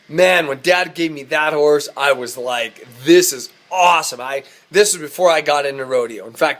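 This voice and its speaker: Man, rodeo cowboy, folksy storytelling, animated, slightly high voice. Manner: folksy, animated, self-amused. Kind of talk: casual spoken storytelling.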